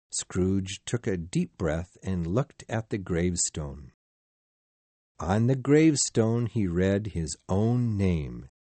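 Man, storybook narrator, lively pitch, dry close sound. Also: no room sound. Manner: slow, measured and expressive. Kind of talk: storybook reading.

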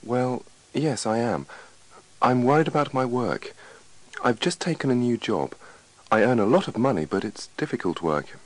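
A man's voice: mid-range voice, lively intonation, normal speed, no echo, voice pushed up, lightly acted, low-quality recording. A man voicing an anxious, overworked male patient in a scripted dialogue reading, with a worried, pleading manner.

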